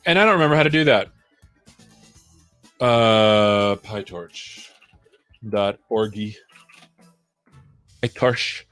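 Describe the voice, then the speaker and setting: A man's voice: lowish voice, animated, slow, pauses often, a bit bright, clean tone, no room sound, faint music behind. A man hosting a live coding stream, explaining as he thinks aloud and often checking in with "right?". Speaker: livestream coding host.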